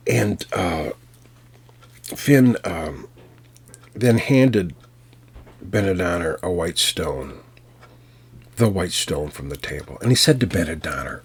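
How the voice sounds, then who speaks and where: Low, husky-voiced storyteller man. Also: lively intonation. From United States. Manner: unhurried, folksy, with fillers and restarts. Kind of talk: telling a folk tale.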